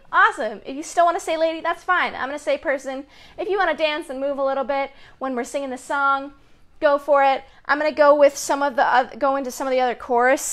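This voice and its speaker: A woman's voice: sits high, a bit bright. A young adult woman hosting a children's story time, reading picture books aloud in an upbeat, chatty way and asking the kids lots of questions.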